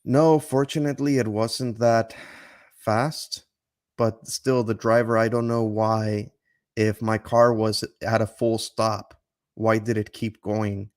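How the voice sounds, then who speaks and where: A man's voice: lowish voice, little pitch movement, slow. An easygoing man in a casual chat who often reacts with short interjections.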